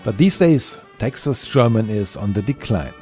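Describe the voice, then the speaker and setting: A man giving scripted documentary narration in a measured, lightly wry manner. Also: fairly low pitch, lively intonation, darkish tone, soft background music.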